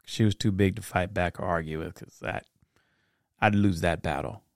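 A middle-aged man hosting a reflective solo podcast, talking earnestly in a storytelling way that turns soft-spoken at times. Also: low-pitched, normal speed, vocal fry, dry recording, studio quality. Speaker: podcast host.

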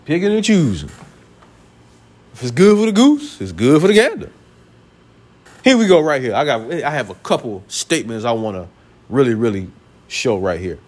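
A man's voice: mid-range voice, big pitch swings, normal speed, long pauses, a little mellow. A man preaching a sermon from the pulpit, emphatic and colloquial, repeating his points and firing off rhetorical questions. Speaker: pastor.

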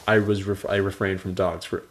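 Laughing young man, low voice. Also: brisk. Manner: animated storyteller, laughs often. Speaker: podcast co-host. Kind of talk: casual chat.

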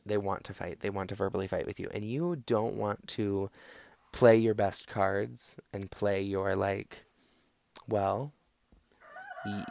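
A man's voice: on the low side, creaky, dry recording. A man hosting a casual solo talk show, giving advice in a rambling, sarcastic way with lots of fillers and restarts. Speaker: podcast host.

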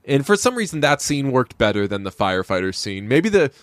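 A man in relaxed podcast chat about a film, sarcastic and animated as he retells scenes. His voice sits in a middle pitch, close and dry on the mic. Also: fairly quick, no room sound. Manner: sarcastic, animated storyteller with shouted quoted voices. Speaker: podcast co-host. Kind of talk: casual movie-review chat.

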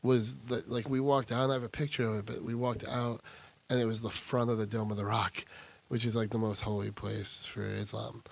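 Young man, gravelly, rambling casual storyteller. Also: fairly low pitch, flat delivery, brisk. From United States. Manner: rambling storyteller, many "like" fillers. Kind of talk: casual chat.

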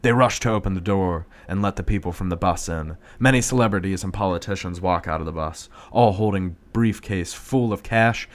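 Deep-voiced man narrating crude comedy. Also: fairly quick, hardly any pauses. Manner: blunt, profane, matter-of-fact. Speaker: storyteller.

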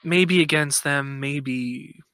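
A man playing a thoughtful human starship commander, halting and searching for words. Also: a little high, pushed and bright, clear, resonant tone, no echo, full character voice. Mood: earnest.

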